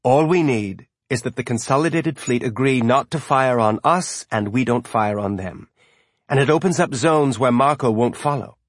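A man's voice: medium pitch, no echo, studio quality, close to an everyday voice. Man doing a hard-headed woman captain. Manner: firm, measured, plain-spoken. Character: resolute woman ship captain, pragmatic and hard.

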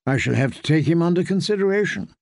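A woman's voice: fairly low pitch, lively intonation, fast talker, a little mellow, no echo, clean studio sound, voice pushed up. A man doing a cold, haughty queen. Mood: imperious. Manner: cold, imperious, condescending. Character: haughty scheming middle-aged queen.

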